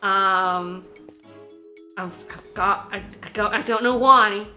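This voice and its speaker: A woman streaming a video game, chatting casually with her viewers, excitable and insistent, repeating herself and laughing often. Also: mid-range voice, slow, faint music behind. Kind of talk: casual game commentary to chat.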